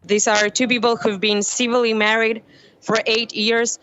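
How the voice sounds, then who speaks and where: Brief: bright, crisp woman journalist reporting by phone, muffled lo-fi line. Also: fairly high pitch, little pitch movement, normal speed.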